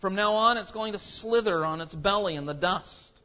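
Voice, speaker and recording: A man's voice: high voice, moderate pace, lo-fi sound. A man preaching a sermon in an emphatic, dramatic way. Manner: emphatic and dramatic, acting out quotes.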